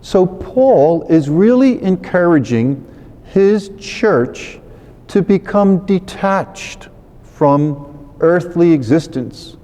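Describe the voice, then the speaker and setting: A priest giving a conversational, unhurried reflection on a scripture reading, explaining it to his listeners. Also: a little high, warm tone. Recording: long hall reverb.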